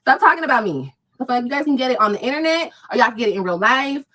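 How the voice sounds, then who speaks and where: A woman's voice: fairly high pitch, big pitch swings, quick pace, bright, forceful tone, low-quality recording. A woman ranting on a livestream, confrontational, profane and mocking, speaking straight to her viewers. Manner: addresses viewers directly.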